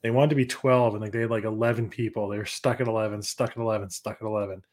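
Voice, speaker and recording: A man in casual sports chat, rambling and profane, talking fast in bursts and breaking down fantasy football picks with confidence. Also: on the low side, steady tone, a little mellow. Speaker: podcast guest.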